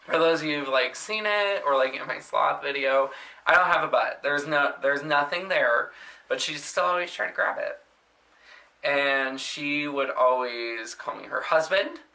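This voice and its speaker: A man's voice: fairly high pitch, unhurried. A young man telling stories from his work as a nursing assistant in a rambling casual way, full of "like" and "um". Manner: chatty, rambling, frequent "like" and "um" fillers; mimics patients in loud exaggerated voices. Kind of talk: casual storytelling vlog.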